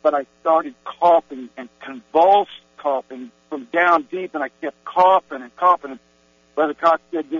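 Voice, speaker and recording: This man, a Christian, offers a rambling spoken testimony full of restarts and fillers, his voice a little high, very animated, creaky, and a bit bright at a measured pace. There's no room sound but soft background music, and the recording is tinny and phone-like with mains hum.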